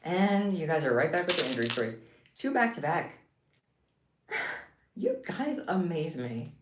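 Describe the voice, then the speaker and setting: A woman's voice: low voice, sing-song, moderate pace. A woman streaming live, chatting casually with her viewers and reacting with playful, dramatic exaggeration. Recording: echoey room, mic at distance, faint hiss.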